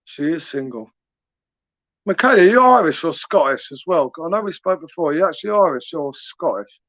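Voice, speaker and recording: A man's voice: fairly high pitch, expressive, a little fast, a bit bright, dry recording. Chatty lo-fi southern English man. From England. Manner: chatty, teasing, rambling. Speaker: livestream host. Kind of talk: casual live chat reading comments. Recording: dry, dull lo-fi sound.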